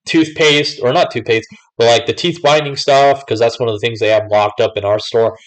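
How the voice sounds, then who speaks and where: A man's voice: mid-range voice, fairly even intonation, brisk, poor audio. A young man vlogging casually, rambling with lots of filler words as he tells what has happened lately. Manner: rambling, many fillers like "like" and "whatever". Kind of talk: casual talk to camera.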